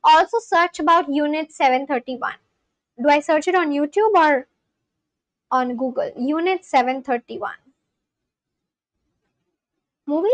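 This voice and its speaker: A woman's voice: sits high, measured pace, pauses often, dry recording, low-quality recording. A woman streamer chatting casually and reading viewer messages aloud, reacting as she goes. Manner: chatty and reactive, with frequent restarts. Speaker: live streamer learning a language.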